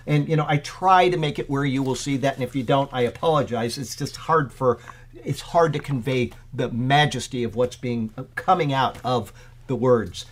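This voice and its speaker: A man, a pastor, giving an informal Bible commentary in a conversational way, with many fillers, getting excited as he talks. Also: mid-range voice, normal speed.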